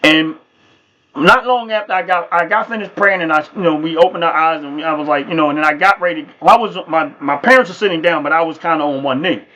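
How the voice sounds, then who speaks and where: Man, bright sharp voice, streamer, personal testimony, emphatic and earnest. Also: a little high, fast, dull audio. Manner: earnest, emphatic, repeats himself for stress. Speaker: livestream host.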